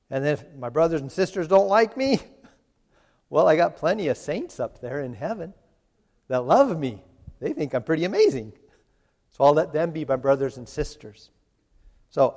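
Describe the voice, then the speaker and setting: A man with a fairly high, somewhat dark voice preaches a sermon, pleading earnestly and speaking straight to his listeners. He voices God and Jesus when quoting them, and a long hall reverb surrounds the recording.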